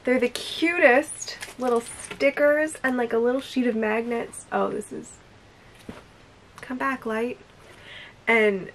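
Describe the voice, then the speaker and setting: A woman chatting excitedly in a casual unboxing vlog, gushing over each gift at home. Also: fairly high pitch, normal speed. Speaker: vlogger opening a gift. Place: dim room at home. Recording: noisy home recording.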